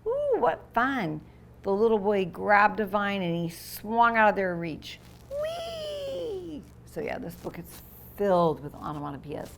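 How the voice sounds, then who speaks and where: A teacher with a medium-pitched voice and some vocal fry reads a picture book aloud to young children, explaining words along the way and voicing sound effects with liveliness. A little hiss or hum runs underneath.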